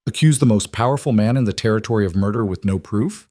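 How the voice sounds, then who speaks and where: A man's voice: lowish voice, fast talker, warm tone, dry recording, clean studio sound, lightly acted. A man voicing a cornered young bride who pleads and argues with rising desperation. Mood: distraught.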